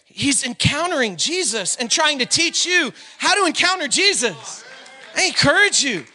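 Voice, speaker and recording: High, bright-voiced preacher man. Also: moderate pace. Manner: animated, breaks into shouting and brief singing. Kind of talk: sermon.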